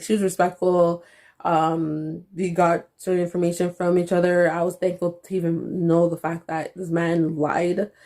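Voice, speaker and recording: Young woman vlogging, kinda low voice, tells her story all animated with tons of "like". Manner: animated, lots of "like", acts out dialogue. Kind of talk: casual storytelling.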